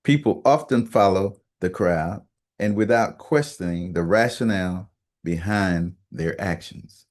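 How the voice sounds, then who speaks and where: A man talking on the radio in a casual monologue, halting with many fillers and restarts. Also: low-pitched. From United States. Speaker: radio talk host.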